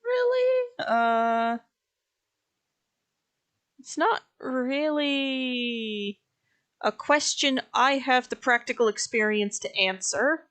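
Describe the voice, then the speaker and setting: A woman with a fairly high voice chats slowly and casually on her art stream. She laughs easily and keeps things loose and joking, in no hurry to get to her point. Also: animated, fairly bright tone. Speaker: streamer host.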